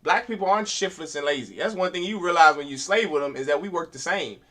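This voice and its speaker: A man teaching a class in an emphatic preaching style, asking rhetorical questions and rising to loud, forceful delivery. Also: fairly high pitch, expressive, fast talker. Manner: uses rhetorical questions and quoted voices.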